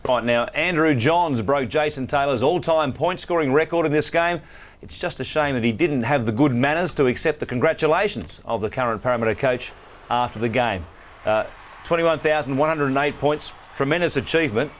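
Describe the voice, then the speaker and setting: A man presenting a sports show, deliberate and critical. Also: mid-range voice, a little hiss or hum.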